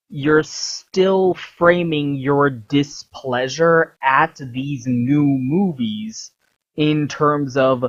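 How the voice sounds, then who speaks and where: A vlogger ranting in a casual monologue, swearing often and filling the talk with "like". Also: mid-range voice. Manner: profane, heated, filler-heavy. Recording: dull lo-fi recording.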